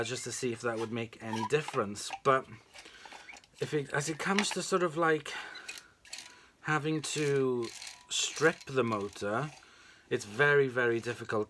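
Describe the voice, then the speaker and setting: A man's voice: mid-range voice, fairly bright tone. A British man hosting a casual vacuum restoration vlog, talking in a chatty, rambling, friendly way. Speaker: vacuum restoration channel host.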